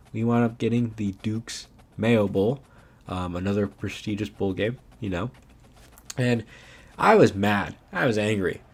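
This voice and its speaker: A young man giving casual, animated commentary over his own video game footage, ranting and saying "man" often. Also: mid-range voice, gravelly. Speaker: gaming YouTuber.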